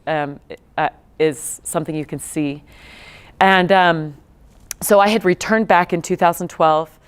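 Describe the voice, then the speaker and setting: A woman's voice: on the low side, clear, resonant tone. A woman in her thirties giving a talk to students, telling stories in a chatty way with many fillers and restarts. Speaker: guest speaker, nonprofit co-founder. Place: lecture room.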